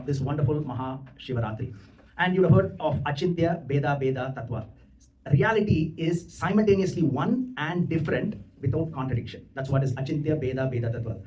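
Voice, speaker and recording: A man giving a devotional lecture in a temple hall, explaining scripture and slowly chanting Sanskrit mantras. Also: fairly high pitch, mellow, distant mic.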